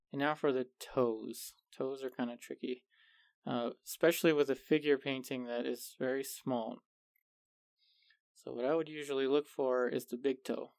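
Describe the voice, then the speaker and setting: A man talks through a painting tutorial at a slow, patient pace, his voice carrying a gravelly edge. He explains each step calmly and methodically. The recording is close and dry, with no room sound. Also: medium pitch, no echo. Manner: calm, unhurried step-by-step explaining. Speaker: art instructor.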